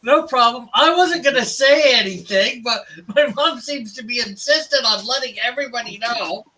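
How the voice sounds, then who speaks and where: Very bright, high-voiced male stream host. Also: normal speed, rough recording. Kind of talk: casual chat on a live stream.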